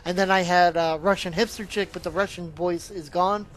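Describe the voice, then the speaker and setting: A man's voice: sits high, fairly even intonation, moderate pace, a bit bright, slight background noise. A man giving a casual, rambling spoken review of a video game, often trailing off and restarting his sentences.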